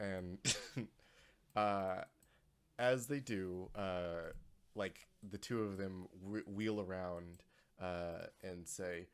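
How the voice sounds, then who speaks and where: A game master narrating a tabletop role-playing game, halting and full of fillers. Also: low-pitched, clear, resonant tone.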